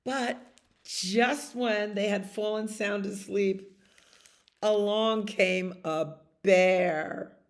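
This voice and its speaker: Slow gravelly bedtime storyteller woman. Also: mid-range voice, steady tone. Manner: slow, soothing read-aloud, asks listeners questions. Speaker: library storyteller.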